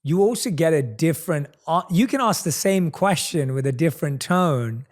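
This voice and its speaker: A man's voice: a little high, animated, moderate pace. A man hosting a podcast interview, enthusiastic and affirming as he asks questions. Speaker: podcast host. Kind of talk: conversational interview.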